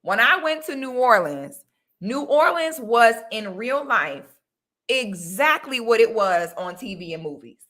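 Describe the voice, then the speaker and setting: A young woman vlogger talks casually to her audience, calling them "y'all." Her voice sits a little high and sounds bright and forceful. She is lively and chatty throughout. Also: measured pace. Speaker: vlogger talking to viewers. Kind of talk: casual chat to camera.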